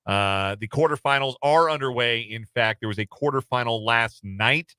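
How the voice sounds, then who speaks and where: A man's voice: medium pitch, moderate pace, bright, forceful tone, clean tone, no echo. A man hosting casual sports talk radio in a studio, rambling and self-deprecating with lots of fillers. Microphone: studio microphone.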